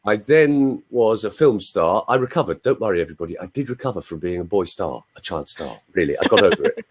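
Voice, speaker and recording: A man in his sixties from London, working as a voice coach, guests in an interview over a live video call, telling stories in a chatty, playful style with asides to his listeners. He speaks fairly quickly in a low, slightly rough voice with lively intonation and an English accent.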